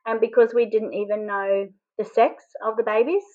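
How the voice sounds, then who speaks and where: An Australian woman, appearing as an interview guest, recounts a deeply personal story in a flat, even voice. Her speech is halting and often choked up, with pauses and caught breaths as emotion rises, and the recording sounds a little dull and lo-fi.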